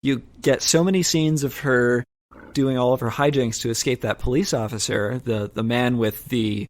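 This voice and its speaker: A male podcast co-host talking through an old film with lively, storytelling energy. He acts out his own reactions to scenes. His pitch sits right in the middle for a man. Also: normal speed. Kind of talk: casual movie discussion.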